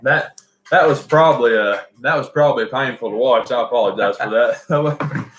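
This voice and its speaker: A man's voice: mid-range voice, moderate pace, a bit bright, slight background noise. Folksy Southern male livestream host, echoey room. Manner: folksy, rambling, reads viewer comments aloud. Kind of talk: casual livestream chat.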